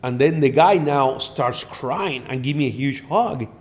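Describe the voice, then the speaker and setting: A middle-aged man, a doctor guest on a podcast, telling animated patient stories in a blunt, profane way. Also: mid-range voice, measured pace. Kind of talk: storytelling in a podcast interview.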